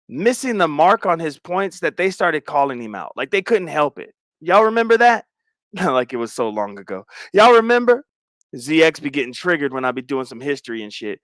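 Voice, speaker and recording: Male livestream host, fairly high voice, dry close mic, slangy and animated. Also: no echo. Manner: animated, swings between loud and mumbled asides; slangy, repeats phrases. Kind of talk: casual livestream chat.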